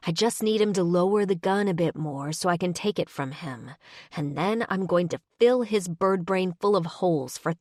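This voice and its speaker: A woman narrating a first-person audiobook with expressive, dramatic inner monologue, on a close studio mic. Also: fairly low pitch, dry recording.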